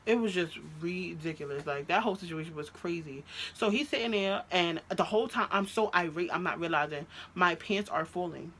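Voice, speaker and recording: A woman telling a story about her ex in a storytime vlog, animated and profane, recorded on a phone. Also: on the low side, fairly quick, hardly any pauses. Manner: animated, profane, recounts a fight with heated quoted outbursts. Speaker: vlogger telling a personal story.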